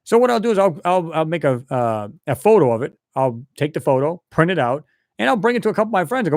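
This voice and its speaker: Fast-talking and very animated, this channel host has a voice on the high side. He chats loosely on his live stream, wandering off topic as he reads viewer comments aloud. The recording is dry, with clean studio sound.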